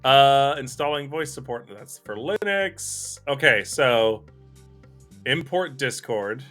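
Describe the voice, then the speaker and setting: A man's voice: mid-range voice, lively intonation, slow, fairly bright tone, soft background music. A man co-hosting a live coding stream, chatting casually and thinking aloud in a self-deprecating way.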